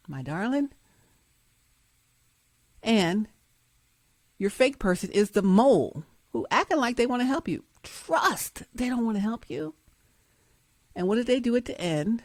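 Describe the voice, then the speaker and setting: A woman's voice: mid-range voice, sing-song, measured pace, pauses often, darkish tone, dry recording. A woman hosting her show, giving emphatic, preachy commentary with frequent laughs. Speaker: host.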